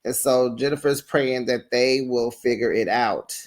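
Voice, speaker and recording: A host casually recapping a reality TV episode, animated and sassy, tossing in "child" and "honey". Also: mid-range voice, measured pace. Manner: animated and sassy, quotes cast members; colloquial, says "child" and "honey".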